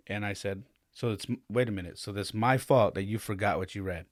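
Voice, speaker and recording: A podcast host in his forties tells a candid family story, acting out the dialogue as his voice climbs with growing agitation. He speaks low and briskly with hardly any pauses, in clean studio sound with no room echo.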